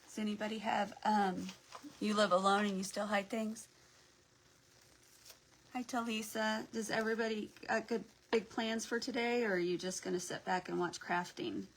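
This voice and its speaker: A woman's voice: mid-range voice, flat delivery, moderate pace, a little hiss or hum, rough recording. Chatty woman hosting a craft livestream. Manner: chatty, greets viewers by name, drops to a whisper at times. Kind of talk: casual livestream chat while crafting.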